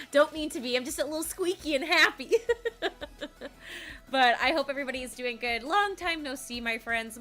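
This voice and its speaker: A young adult woman streamer chats casually on a live stream, bubbly and giggly as she greets her viewers. Her high, slightly bright voice is hoarse and cracking.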